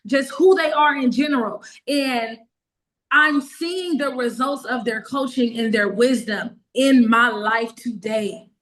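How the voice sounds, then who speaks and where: Woman, 30s, high voice; animated, emotional testimonial on a group call. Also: slow pace. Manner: animated, repeats herself, acts out her own past words. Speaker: network marketing team member giving a testimonial.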